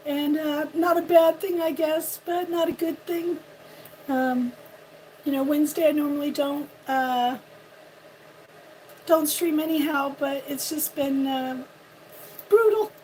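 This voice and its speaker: A woman hosting a casual morning live stream, hoarse and losing her voice from a cold, chatting and laughing at how she sounds while greeting viewers by name. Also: high voice, slow pace, pauses often, warm tone, a little hiss or hum. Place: home on a windy ridge.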